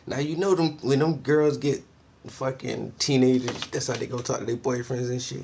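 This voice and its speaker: A man's voice: mid-range voice, normal speed, vocal fry. A man ranting casually about his neighbors, slangy, profane and full of laughs. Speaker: vlogger, artist. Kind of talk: casual rant.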